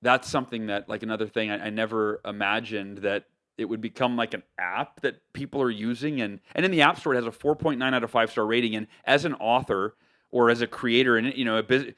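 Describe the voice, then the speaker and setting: A man from the United States, an author, telling stories as a podcast guest in an animated way, with lots of fillers and restarts. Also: medium pitch, brisk. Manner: animated, loose talk with many fillers and self-corrections. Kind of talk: casual storytelling interview.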